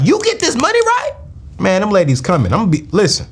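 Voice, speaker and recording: Animated, preacherly male call-in host. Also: very high voice, fairly quick. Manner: animated, preacherly, slangy and joking. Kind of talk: live call-in finance show.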